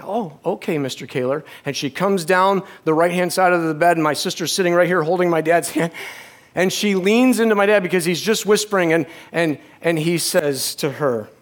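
A middle-aged man preaching a sermon, telling a personal story with halting restarts and dropping to a hush. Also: sits high.

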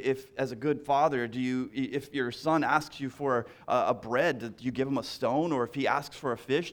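A man preaching a sermon in an easy, conversational style, with a voice sitting a little above the usual pitch for men. He repeats key phrases for weight and restarts his sentences now and then as he talks to the congregation. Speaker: pastor.

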